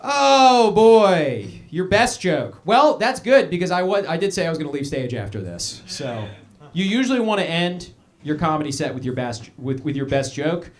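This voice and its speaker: A young man hosting a live comedy show, telling a stand-up bit on stage with an animated delivery and quick put-on voices. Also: a little high. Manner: animated, puts on voices for quoted people.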